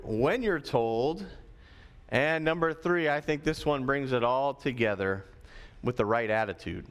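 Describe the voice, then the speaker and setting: A man preaching to schoolchildren in a school chapel, as pastor and teacher, lively and teacherly, repeating his key points. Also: on the high side. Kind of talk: sermon to schoolchildren.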